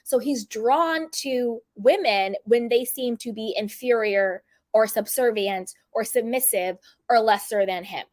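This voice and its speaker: Woman, reality TV commentator, chatty and opinionated, a touch high-pitched. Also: measured pace, few pauses, darkish tone. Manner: chatty, opinionated, acts out quotes in put-on voices.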